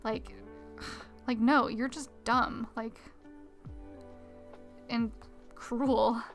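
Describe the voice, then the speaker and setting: Woman art streamer, fairly high voice, rambling animated chat, soft music under her. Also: extremely slow. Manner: chatty, rambling, animated storytelling with many fillers. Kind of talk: casual live-stream chat while drawing. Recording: faint music in background.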